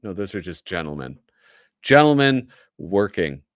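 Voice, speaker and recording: A man's voice: low-pitched, very animated, a little slow, dry recording, studio quality. A man with a Midwestern American accent, hosting a casual livestream, chatty and joking as he reads aloud. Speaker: host.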